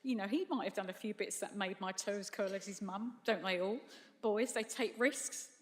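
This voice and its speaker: A middle-aged woman, a bereaved mother, giving halting, emotional testimony at a public tribunal. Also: mid-range voice. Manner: halting, apologetic, tearful at times. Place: large hall at a public tribunal. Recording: long hall reverb.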